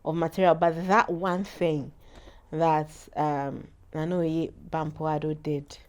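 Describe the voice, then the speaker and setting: A woman in her thirties with a Ghanaian accent, a guest on an interview show, telling her story in lively, animated talk. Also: low-pitched, slow pace. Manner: animated storyteller, acts out quoted voices. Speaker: guest, cake business founder.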